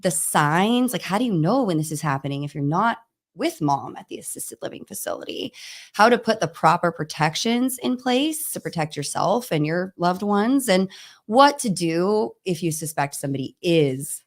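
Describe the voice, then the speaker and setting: A woman co-hosting a podcast, talking casually and deliberately, with frequent "you know" and "um". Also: on the low side, lively intonation. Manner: measured, deliberate, with fillers. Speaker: podcast co-host. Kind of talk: casual chat.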